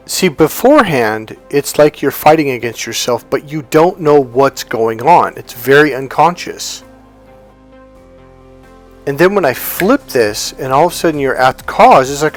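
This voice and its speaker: A man's voice: on the high side, animated, moderate pace, faint music behind. A man, a life coach, teaching casually, often acting out what clients say. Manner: conversational, acts out quotes of clients.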